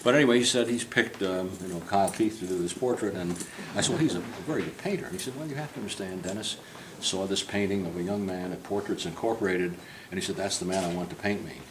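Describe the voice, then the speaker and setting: Speaking fast with few pauses, this older man's low voice comes through background noise. He's a portrait painter touring a group around a club interior, telling a drawn-out, funny, digressive anecdote and acting out the quoted voices.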